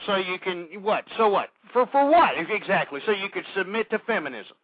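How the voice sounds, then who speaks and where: A man's voice: high voice, very animated, brisk, no room sound. A man hosting an internet radio talk show, ranting angrily in a preachy monologue and stumbling over repeated words. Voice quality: stammering, repeats words when worked up. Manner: angry, indignant, preachy. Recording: dull lo-fi internet radio audio.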